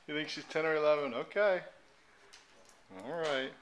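Lowish-voiced woman coaxing kids in a home video, teasing questions, bit of hiss behind. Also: normal speed, rough recording. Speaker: adult filming and prompting children. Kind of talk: casual home video chat.

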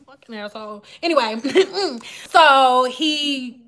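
Doing her hair on camera, a vlogger in her thirties talks and jokes straight to her audience in a relaxed way. She speaks slowly in a high voice with a sharp tone.

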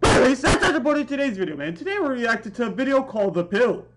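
A young man hosting a reaction video, talking in slang with excited outbursts and shouts. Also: extremely high pitch, fast talker, very noisy. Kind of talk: reaction commentary. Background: video soundtrack music.

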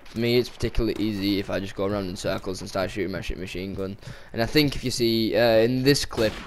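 A man's voice: on the low side, fast talker, a little hiss or hum. A young man ranting casually over gameplay, swearing and exasperated with sudden outbursts. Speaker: gaming commentator. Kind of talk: casual gameplay commentary rant.

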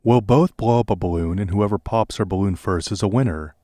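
A man reading aloud, voicing an excitable young woman with a raised, breathless voice. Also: on the low side, brisk, no room sound, clean studio sound, natural voice. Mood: eager.

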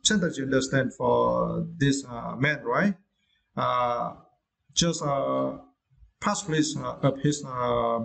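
A man with a Vietnamese accent teaching English vocabulary in a casual lesson, pausing often with "uh" and asking "right?". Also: mid-range voice, vocal fry, rough recording. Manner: hesitant, many "uh" pauses and "right?" checks; non-native English speaker.

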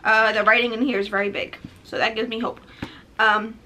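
A woman's voice: fairly high pitch, little pitch movement, a little fast, noisy background. A woman talking casually in a book vlog, chatty and effusive, with lots of fillers. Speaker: book vlogger.

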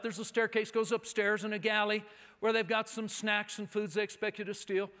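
High, bright-voiced male preacher. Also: little pitch movement, brisk. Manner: chatty, anecdotal storytelling with asides. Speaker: guest preacher. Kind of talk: storytelling sermon. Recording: long hall reverb.

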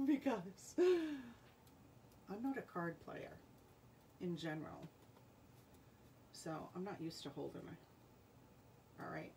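Rhode Island woman hosting a live jewelry sale; unhurried, friendly chatter, calls out names and cards, faint room hum. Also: mid-range voice, darkish tone. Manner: chatty, reads out viewer names and playing cards. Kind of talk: live-stream sales chat.

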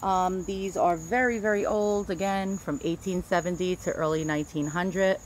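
Speaking at a moderate pace in a fairly low, steady voice, this middle-aged antique dealer from Queens, New York gives a relaxed show-and-tell of her pieces. She stumbles over names as she goes, and there's slight background noise.

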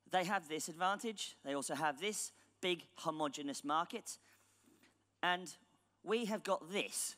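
A man's voice: fairly high pitch, sharp tone. Blunt British man in a reverberant hall. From England. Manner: ironic, blunt, casual with swearing. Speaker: conference speaker. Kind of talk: conference keynote talk. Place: large conference hall stage.

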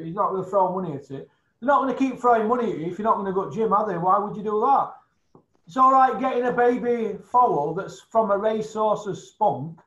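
A man ranting bluntly in casual chat, swearing freely and tagging his points with questions. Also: high voice. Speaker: show regular. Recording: roomy, slightly dull sound.

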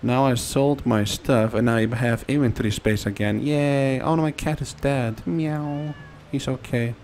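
A man's voice: medium pitch, normal speed, darkish tone, a little hiss or hum. A man giving casual, rambling commentary while he plays a game, playful and given to sing-song repeats. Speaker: let's play gamer.

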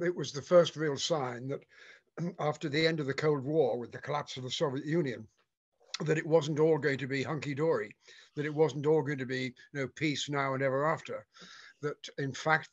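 Older man, author guest, articulate, measured, mid-pitched voice, muffled lo-fi call. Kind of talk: interview answers.

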